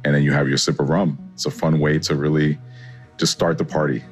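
Very deep-voiced enthusiastic man. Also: little pitch movement, fairly quick, faint music behind. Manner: enthusiastic, loose and chatty. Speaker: chef and guest. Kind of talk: casual interview answers.

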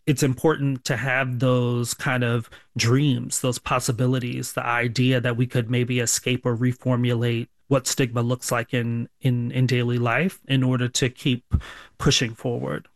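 A man from Baltimore, a sociology professor, answering interview questions in a measured, reflective way. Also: mid-range voice, level tone, dry recording, clean studio sound. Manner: measured, reflective, a few restarts. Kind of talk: radio interview.

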